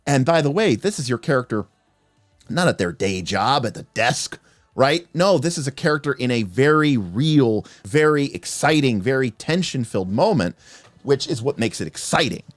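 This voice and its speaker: A man hosting a livestream, talking about tabletop role-playing games as a game master and acting out players' lines in quick asides. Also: medium pitch, animated, dry recording. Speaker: game master and podcast host.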